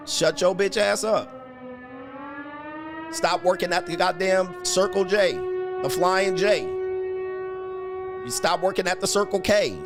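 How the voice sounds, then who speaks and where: A man hosting a livestream, ranting at commenters in a brash, profane, taunting way and laughing at them. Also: sits high. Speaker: livestream host reading chat.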